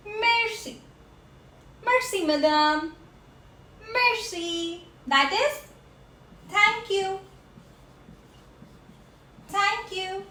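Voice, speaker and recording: A woman teaching a French class, slowly repeating each word for her learners. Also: very high voice, pushed and bright. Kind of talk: classroom language lesson. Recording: echoey room.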